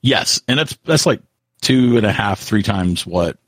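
Husky-voiced man chatting on a podcast. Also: fairly low pitch, expressive, a bit bright, dry recording. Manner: halting, full of restarts, reads out quotes. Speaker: podcast co-host. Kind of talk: casual tech podcast discussion.

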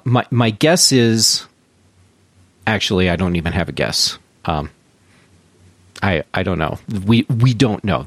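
A man's voice: low voice, dry recording. A man co-hosting a casual tech podcast, explaining news in a loose way with many fillers and restarts. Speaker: podcast co-host.

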